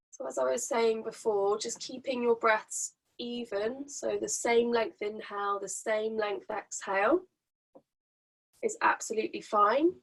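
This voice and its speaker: A woman teaching a pregnancy yoga class, guiding breathing in a soft, slow, soothing way. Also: on the high side, rough recording. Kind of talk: guided yoga class instruction. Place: home.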